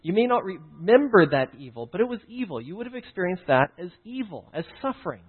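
A man's voice: high voice, sing-song, fairly quick, slightly rough. A man teaching through a personal story, often stopping to check in with "right?" and "okay?". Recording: tinny phone-like line.

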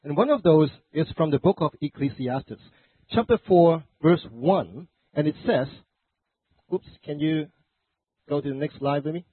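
A man's voice: a little high, lively intonation, measured pace, slightly rough, no room sound. A man pastor preaching a conversational sermon with a stuffy, congested voice from the flu, with joking asides and self-corrections. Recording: dry, phone-like narrow sound.

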